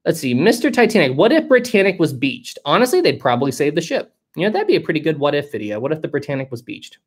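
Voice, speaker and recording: A man's voice: on the high side, sing-song, fast talker, husky. A man from West Virginia with a mild West Virginian accent, hosting a casual live-stream chat and answering viewer questions. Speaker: history channel host.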